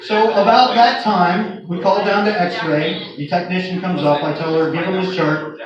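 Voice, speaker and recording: A stand-up comedian with a high-pitched, steady voice tells crude stories about his time working as a nurse, building each one toward its punchline like a storyteller at a moderate pace. The live club recording is dull and echoey, captured far from the mic, with crowd noise and audience laughter around him.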